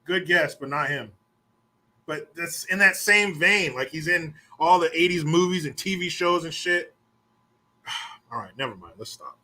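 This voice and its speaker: Sharp in tone and a little high in pitch, a man hosting a podcast rambles through a profane, casual story. He curses freely and puts on quick mocking voices along the way.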